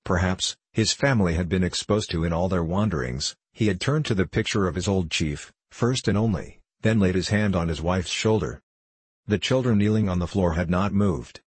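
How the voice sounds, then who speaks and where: A man narrates a classic novel at a measured, steady pace. His voice sits very low and has a husky grain. The recording is dry and close, with no room sound. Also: no room sound. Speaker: audiobook narrator.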